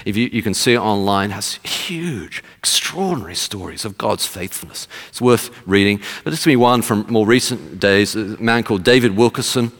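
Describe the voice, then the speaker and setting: Animated male preacher in an echoing hall. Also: lowish voice, normal speed, hardly any pauses. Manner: emphatic preaching with rhetorical questions. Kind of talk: sermon.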